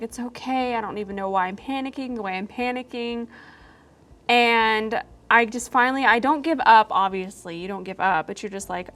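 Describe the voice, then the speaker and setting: A woman's voice: on the high side, fairly bright tone. Chatty giggly young woman storyteller. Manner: chatty and giggly, quick storytelling with quoted asides. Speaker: beauty vlogger. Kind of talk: casual chat while doing makeup.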